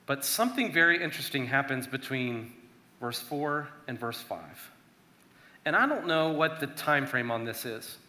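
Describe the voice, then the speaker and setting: A man giving a casual, conversational youth sermon, talking to a church youth group and acting out prayers in a hushed voice. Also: medium pitch, lively intonation, normal speed. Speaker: youth minister. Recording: echoey room.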